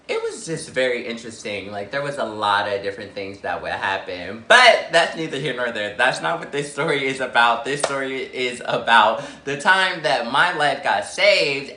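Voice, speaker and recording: A chatty male YouTuber tells a storytime vlog in a bright, forceful, medium-pitched voice, animatedly retelling events and packing his sentences with "like." The room echoes noticeably, with slight background noise.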